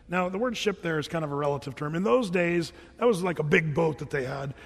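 A man preaching a sermon as pastor in a relaxed, chatty way and often restarting his sentences. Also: on the high side, brisk, few pauses. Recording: long hall reverb.

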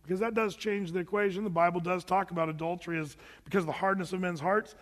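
A male pastor with a fairly high voice delivers a sermon in a casual, talky way. He often slips into imagined back-and-forth with his listeners. His voice carries a long, lingering hall reverb. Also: steady tone, fast. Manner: conversational, acting out imagined dialogues with listeners.

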